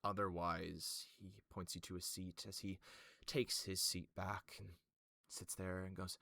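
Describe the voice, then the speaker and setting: A man's voice: low voice, little pitch movement, measured pace, gravelly, pushed and bright, no echo. A man narrating as game master in a tabletop game, describing scenes with many fillers.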